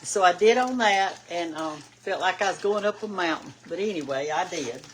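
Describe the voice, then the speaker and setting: An older Southern US woman hosts a cooking show from her home kitchen, chatting folksily as she cooks. Her lowish voice is animated at a moderate pace, with a little hiss or hum in the recording.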